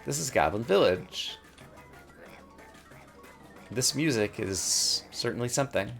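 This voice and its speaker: A man's voice: mid-range voice, expressive, slow pace, vocal fry, long pauses, a bit bright, soft background music. A man hosting a let's play, reading the game's dialogue aloud and adding wry comments. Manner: reads game text aloud and comments wryly.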